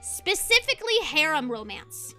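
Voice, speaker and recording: Animated high-voiced young woman streamer. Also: moderate pace, faint music behind. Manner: passionate, ranting; animated, laughs easily. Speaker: VTuber streamer. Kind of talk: casual live-stream commentary.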